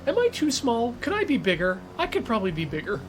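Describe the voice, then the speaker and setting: A man's voice: very high-pitched, huge pitch swings, fast talker. A man streaming a sim racing game, chatting casually, coaching himself and joking with viewers. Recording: game car engine noise underneath. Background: racing game engine and track sounds.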